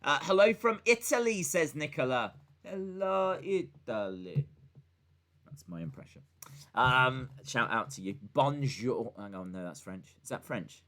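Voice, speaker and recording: This wrestling-reaction streamer has a bright, forceful voice at medium pitch, expressive and moderately paced. Reading chat casually, he rambles with plenty of fillers and restarts, teasing viewers and talking back to his voice assistant.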